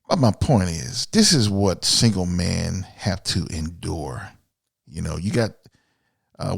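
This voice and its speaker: A man's voice: deep voice, lively intonation, slow, creaky, dry recording, studio quality. A man from Miami hosting a podcast, ranting bluntly and profanely in an opinionated solo monologue. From Miami, USA. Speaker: podcast host.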